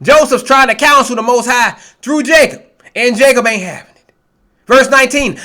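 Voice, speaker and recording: A man's voice: very high voice, moderate pace, sharp tone. A man preaching a blunt, profane, confrontational sermon and reading scripture aloud. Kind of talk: street-style sermon, Bible reading.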